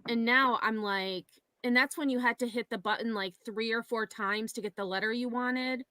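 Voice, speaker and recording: A woman's voice: a little high, moderate pace, no echo, studio quality. A woman in her forties chatting casually as a panel guest, telling stories animatedly. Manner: animated storyteller. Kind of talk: casual nostalgic chat.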